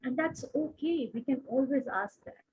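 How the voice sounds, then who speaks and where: A woman's voice: high voice, normal speed, slight background noise. Earnest Pakistani woman on a muffled call. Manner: earnest, speaks in long winding sentences with restarts. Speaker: panelist. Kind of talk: conference panel discussion.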